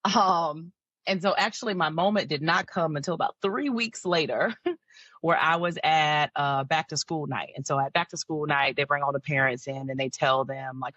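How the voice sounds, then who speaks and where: A mental health counselor appearing as a podcast guest tells personal stories in a reflective, candid manner, often laughing softly. Her low voice moves at a moderate pace. The recording is muffled, with no room sound.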